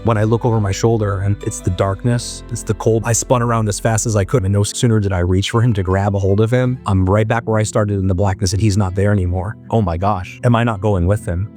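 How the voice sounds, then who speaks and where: A man tells his own testimony in an earnest, reflective way, stopping often on "like" as he searches for words. His voice sits low, and faint music plays underneath. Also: warm tone. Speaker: church member giving testimony. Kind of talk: personal testimony storytelling.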